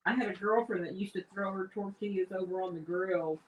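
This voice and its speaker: A woman's voice: mid-range voice, steady tone, a little fast, slight background noise, poor audio. A woman chatting casually and pointing things out. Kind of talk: casual chat.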